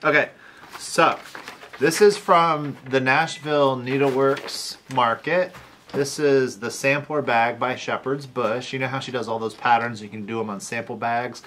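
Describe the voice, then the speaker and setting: A man's voice: medium pitch, fairly even intonation, measured pace, a bit bright, a little hiss or hum. A man co-hosting a casual needlework chat show, laughing easily and showing off items to the camera. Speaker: co-host.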